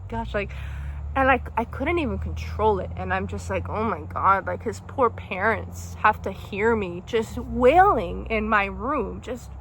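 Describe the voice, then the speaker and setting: A woman's voice: mid-range voice, unhurried, fairly bright tone, a little hiss or hum. A young woman telling a personal breakup story in a casual, rambling, emotional way, full of "like" and "dude". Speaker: vlogger.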